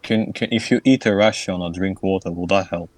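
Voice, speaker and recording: A man with a very deep, low voice plays a tabletop game with friends. He talks casually and bluntly, with the odd curse. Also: steady tone, brisk, darkish tone. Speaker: player.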